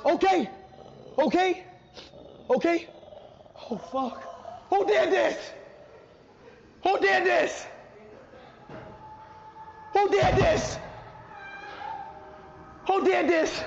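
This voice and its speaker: A young man live-streaming through a haunted house, loud and panicky, swearing and yelling as he goes. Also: extremely high pitch, extremely slow, vocal fry, pauses often. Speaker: livestreamer. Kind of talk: frantic live-stream reactions. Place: indoor haunted house attraction. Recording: dull lo-fi stream audio, noisy.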